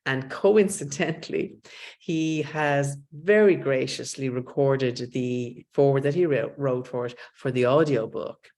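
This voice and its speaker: Woman with a gravelly voice. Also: very deep voice, measured pace. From Ireland. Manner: animated storyteller, quotes others in dialogue. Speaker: guest author. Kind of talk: casual interview chat.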